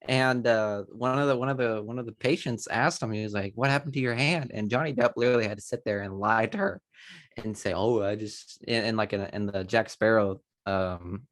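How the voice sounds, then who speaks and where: A man with a fairly low voice, talking casually as a podcast co-host. He rambles, restarts his sentences and drops in mild exclamations. The sound is dry and close, with no room echo. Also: a little fast, fairly bright tone. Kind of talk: casual chat.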